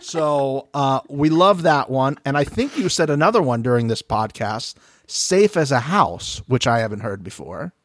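A man co-hosting a podcast, joking playfully and chiming in with quick acknowledgments. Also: mid-range voice, animated. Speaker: podcast co-host. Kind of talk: casual podcast chat.

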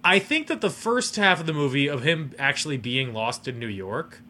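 Man with a bright, lively voice. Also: fairly high pitch, moderate pace. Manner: analytical, hedging, sardonic asides. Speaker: podcast co-host. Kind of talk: casual movie review chat.

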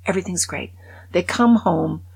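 A woman over sixty-five hosting her podcast, telling a long joke in a casual conversational way and dropping to a hushed voice for the sad parts. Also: fairly low pitch, lively intonation, normal speed, vocal fry, slightly rough. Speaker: podcast host.

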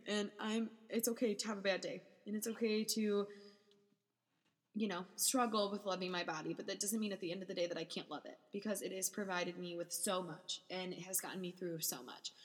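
A young woman hosts a candid solo podcast from a basement office, emotional and close to tears. She rambles with many restarts and fillers, and her medium-pitched voice has a big-room sound.

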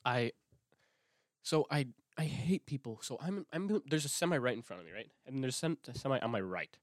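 A man's voice: mid-range voice, lively intonation, normal speed, no echo, clean studio sound. A young man hosting a podcast, talking in a rambling, profane, self-interrupting way with many restarts. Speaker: podcast host. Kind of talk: casual rambling monologue.

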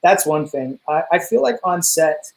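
Young guy guest telling stunt stories, slightly high voice, jumps around in pitch, acts out what people said. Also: moderate pace, gravelly, poor audio. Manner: animated storyteller, acts out quotes. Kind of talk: casual interview chat.

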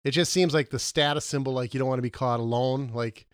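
A man co-hosting a casual movie podcast, questioning his partner and arguing his points with lively jumps in pitch. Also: quick pace, clear, resonant tone, dry recording, studio quality. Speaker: podcast co-host.

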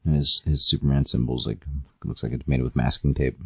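Really deep guy, halting comic recap with lots of ums, dry sound. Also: fairly even intonation, vocal fry, a bit bright, husky, no room sound. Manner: halting, full of ums and likes. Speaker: podcast co-host reviewing comics. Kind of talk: casual chat recapping a story.

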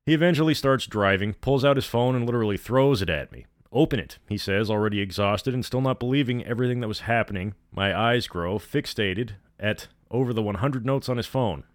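Male story reader, lowish voice, blunt and sarcastic in his asides, dead-dry sound. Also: fairly quick, hardly any pauses, no echo. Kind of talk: reading a story aloud with commentary.

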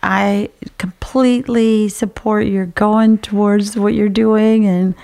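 A woman hosting a podcast, speaking in a warm, unhurried, appreciative way. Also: medium pitch, steady tone, clean tone. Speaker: podcast host. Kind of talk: podcast interview.

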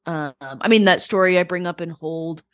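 A woman with a somewhat low-pitched voice shares personal stories in casual podcast conversation. She talks in a reflective, animated way, full of fillers. The sound is dry and close. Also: normal speed, no room sound. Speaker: guest.

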